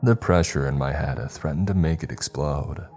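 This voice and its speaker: A man narrating a scary story in a measured, dramatic scripted reading. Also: extremely low pitch, darkish tone. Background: faint music.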